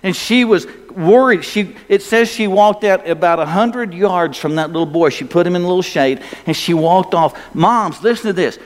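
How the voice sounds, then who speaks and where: A man's voice: high voice, normal speed, hardly any pauses. Man preaching in a reverberant church. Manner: emphatic, rhetorical questions to the congregation. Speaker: pastor. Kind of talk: sermon. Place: church sanctuary. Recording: long hall reverb.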